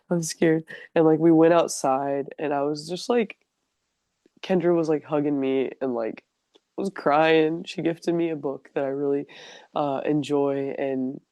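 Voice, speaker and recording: A woman's voice: sits low, measured pace, gravelly, dark tone, no echo, clean studio sound. A young woman telling her own story in a casual interview, chatty and openly emotional, filling her sentences with "like.". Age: young adult.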